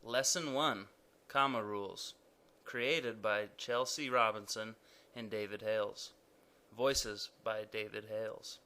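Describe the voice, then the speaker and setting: A man giving the calm scripted introduction to an animated grammar lesson. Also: on the low side, slow. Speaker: narrator. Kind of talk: scripted narration.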